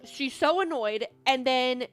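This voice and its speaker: High-voiced young woman ranting a storytime. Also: animated, unhurried, a bit bright, smooth, faint music behind. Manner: rambling, swears a lot, lots of "like". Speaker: vlogger. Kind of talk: casual storytime while gaming.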